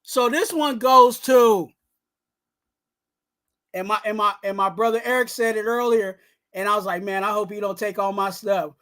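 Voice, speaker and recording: A man co-hosting a sports podcast, ranting loudly and animatedly, often tossing in "you know what I'm saying.". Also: high-pitched, moderate pace, long pauses. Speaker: podcast co-host.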